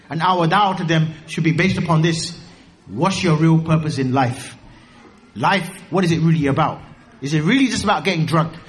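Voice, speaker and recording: Give me a high-pitched man preaching an animated, joking sermon.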